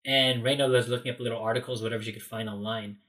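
A man in casual chat, telling an animated story full of fillers and acted-out quotes. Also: mid-range voice, quick pace, far from the mic.

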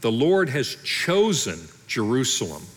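Male pastor, mid-pitched, preaching conversationally, acting out story voices; reverberant church hall. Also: sing-song, measured pace. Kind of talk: sermon. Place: church auditorium.

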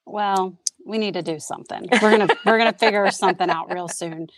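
A woman's voice: mid-range voice, fairly quick, no room sound. A woman co-hosting a podcast in casual chat, chatty, rambling and self-mocking. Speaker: podcast co-host.

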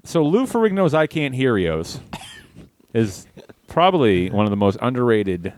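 Lively mock-serious podcast guy. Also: medium pitch, moderate pace, no room sound. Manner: deadpan absurd, mock-serious. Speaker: podcast co-host. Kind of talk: joking podcast banter. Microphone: headphones and studio mic.

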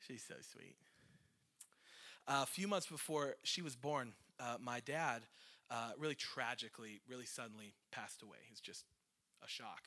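A man's voice: mid-range voice, moderate pace, bright, forceful tone. A man in his thirties, a worship leader, preaching a conversational, emotional sermon with self-deprecating asides.

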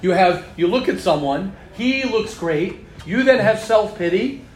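A man with a high voice leads a religious class in a motivational style. He drives his points home by repeating phrases and addressing students directly. The sound is roomy and echoey. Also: expressive, measured pace. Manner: emphatic, repeats key phrases, speaks straight to students. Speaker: teacher leading a religious class. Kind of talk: animated motivational class talk. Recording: echoey room.

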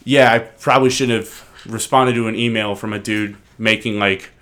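A man's voice: on the low side, steady tone, moderate pace, a bit bright. A man in his twenties hosting a casual chat, loose and joking, swearing freely. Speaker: podcast host.

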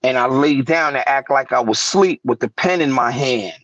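A man's voice: moderate pace, no room sound. New man telling stories over a call. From New York. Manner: animated, acts out quoted voices with big pitch jumps. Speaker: guest rapper. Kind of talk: casual storytelling interview. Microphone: remote call mic. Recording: dull lo-fi web call audio, dry.

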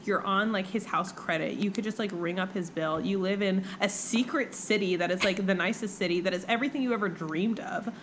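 A young woman chats animatedly about a book, swearing freely and slipping into quick character voices. Her pitch sits at an ordinary middle height, with a faint hiss behind her. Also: a bit bright, low-quality recording. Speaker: podcast co-host. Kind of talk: casual book-discussion chat.

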